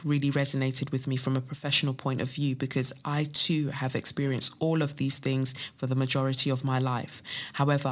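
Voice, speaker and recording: A podcast host who reads out a listener's letter, then rants bluntly, swearing and firing off rhetorical questions. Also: mid-range voice. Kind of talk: solo podcast monologue, reading a listener letter and ranting.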